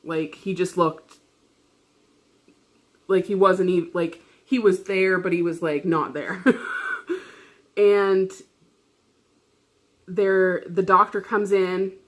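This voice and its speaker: A woman's voice: lowish voice, steady tone, takes it slowly, pauses often. A woman vlogger telling a personal story in casual chat, rambling, swearing freely and laughing often.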